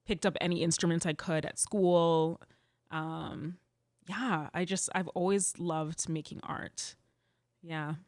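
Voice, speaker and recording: Young woman guest from canada, lowish voice, chatty and animated, dry close sound. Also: takes it slowly, no room sound. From Edmonton, Canada. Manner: animated storyteller, laughs often, lots of "like". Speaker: guest musician. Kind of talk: casual interview chat.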